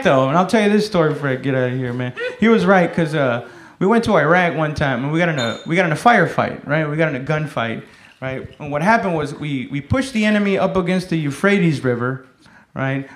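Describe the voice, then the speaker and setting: A man's voice: fairly high pitch, a bit bright. A man doing stand-up comedy on a club stage, telling self-deprecating, profane stories in a loose, conversational way. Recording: roomy club with noisy audience.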